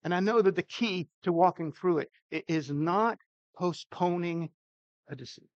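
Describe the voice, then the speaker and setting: An older man preaching a sermon with emphatic, dynamic delivery, his loudness swinging widely. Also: high voice, normal speed, no echo, muffled recording. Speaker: pastor.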